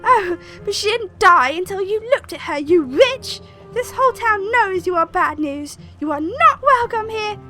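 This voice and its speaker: A woman voicing a hysterical peasant woman who wails and accuses in a tearful, shrill voice. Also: expressive, unhurried, few pauses, bright, forceful tone, faint music behind, heavily acted. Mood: pleading.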